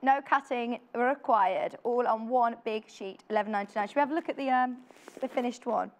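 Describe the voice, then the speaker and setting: High-voiced chatty woman presenter. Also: fairly quick. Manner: chatty and upbeat, asks the viewer rhetorical questions. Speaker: shopping channel presenter. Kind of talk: live TV shopping demonstration. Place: TV studio.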